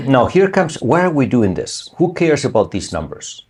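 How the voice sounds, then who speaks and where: With a medium-pitched, slightly mellow voice full of big pitch swings, this man lectures at a normal speed. He's a university instructor in an online or recorded session, explaining things casually and often checking whether students are keeping up.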